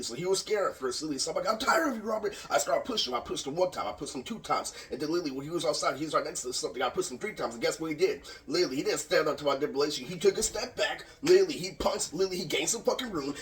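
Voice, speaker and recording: A young man telling a long, rambling story in a casual vlog, swearing and saying "literally" again and again. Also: a little high. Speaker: vlogger. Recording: voice distant from the mic.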